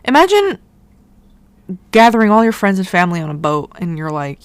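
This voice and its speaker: A woman's voice: medium pitch, very animated, a little fast, long pauses, clean tone, no room sound. A woman hosting her own podcast, talking casually in a rambling, irreverent way and swearing freely. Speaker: podcast host. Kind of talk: casual solo podcast monologue.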